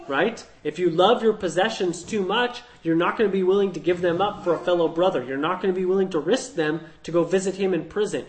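Male Bible teacher, slightly higher voice, relaxed conversational delivery with asides. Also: poor audio. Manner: conversational, thinking aloud with fillers and "right?".

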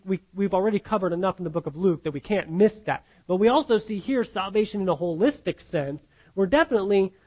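A man's voice: high-pitched, darkish tone, poor audio. A man preaching a sermon and explaining a Bible passage. He teaches earnestly, repeats key phrases for emphasis and often asks "right?".

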